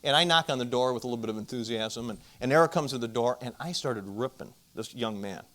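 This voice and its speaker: A man speaking at a marriage conference, telling a self-deprecating story and addressing the audience with direct questions, his volume swinging from loud to hushed. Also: medium pitch, fast. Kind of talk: storytelling Christian talk.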